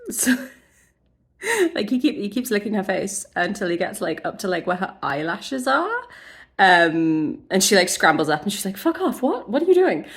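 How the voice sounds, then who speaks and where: A woman's voice: medium pitch, very animated, moderate pace, a bit bright. A young woman recapping a fantasy novel in a casual, sweary chat, full of wry asides. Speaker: book vlogger.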